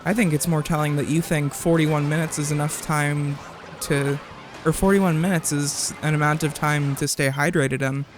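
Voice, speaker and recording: A man's voice: a little high, steady tone, moderate pace, music in the background. A man live-streaming a game in casual chat, reading viewers' messages aloud and arguing back with plenty of swearing and rambling restarts.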